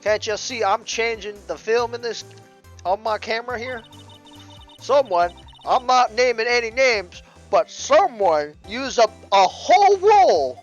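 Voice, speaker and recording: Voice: medium pitch, expressive, unhurried, highs cut off, faint music behind, pitched above the performer's own voice, natural voice. A player voicing a brash Southern woman photographer in a video game, reading her lines with a put-on Southern drawl and a scolding, indignant manner. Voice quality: twangy drawl with y'all. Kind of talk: reading game dialogue aloud.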